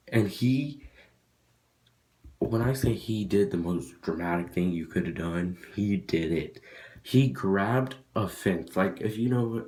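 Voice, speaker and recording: A man's voice: fairly low pitch, a little mellow. A young man vlogging a casual story, rambling with lots of fillers and restarts.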